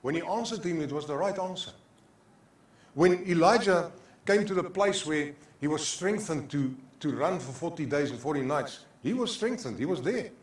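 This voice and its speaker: An older South African man preaches with passion, repeating his phrases for emphasis. His voice sits a little high for a man and rings through an echoey church hall. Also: animated, moderate pace. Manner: impassioned preaching with repeated phrases, mixing in Afrikaans. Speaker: pastor. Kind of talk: sermon. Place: church sanctuary.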